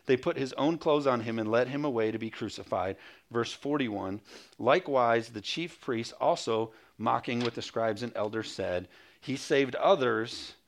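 A male pastor preaching a sermon, reading scripture aloud and calling for amens, with quick mocking asides. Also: mid-range voice.

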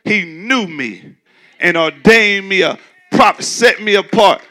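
A man preaching a sermon as pastor, in a loose conversational way, who acts out doubters in a shrill mocking voice. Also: measured pace, pushed and bright. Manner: conversational preaching, mimics skeptics in a high squeal.

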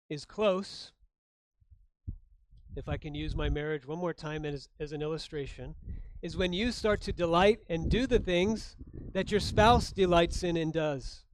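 A middle-aged pastor preaching a sermon in a conversational way, with rhetorical questions and light humor. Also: male voice, a little high, no room sound.

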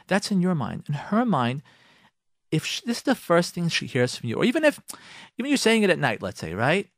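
A man, a rabbi on a radio talk show, giving marriage advice to husbands and acting out their imagined replies in quick asides. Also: a little high, very animated, dry recording, studio quality. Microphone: close studio microphone.

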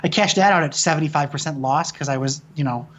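Fast-talking and on the high side, with a fairly bright tone, the man is a Michigan filmmaker in his thirties. As a guest he spins rambling, swear-heavy stories in easy conversation, restarting sentences often.

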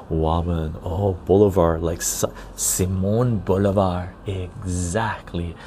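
Male podcast host, low and gravelly, dark tone, relaxed chatty delivery, outdoors on a patio. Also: slight background noise. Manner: easygoing, chatty, tags sentences with "right?". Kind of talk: casual chat while reading live chat.

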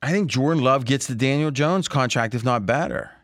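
A man hosting a casual sports-betting podcast, rambling in animated asides. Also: medium pitch, fairly quick, dry recording, clean studio sound. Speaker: podcast host.

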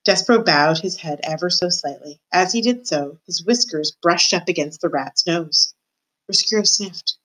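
A woman's voice: fairly low pitch, moderate pace, fairly bright tone, poor audio. A woman reading a children's novel aloud, telling it expressively and voicing the characters herself. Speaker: reader.

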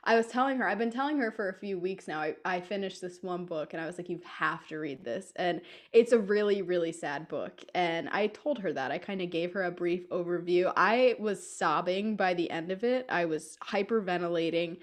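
A woman's voice: lowish voice, normal speed, hardly any pauses. A young woman co-hosting a casual podcast chat, telling stories and laughing often. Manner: laughs often, chatty and storytelling. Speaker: podcast co-host.

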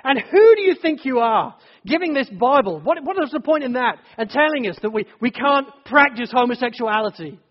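A man voicing a defiant modern man who indignantly shouts accusations at God. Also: sits high, animated, moderate pace, lo-fi sound.

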